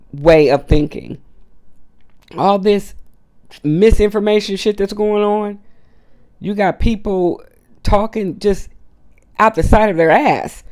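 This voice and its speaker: A man's voice: high-pitched, a little mellow. A man hosting a solo podcast, delivering a blunt, profane, opinionated rant and slipping into mocking quoted voices. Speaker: podcast host.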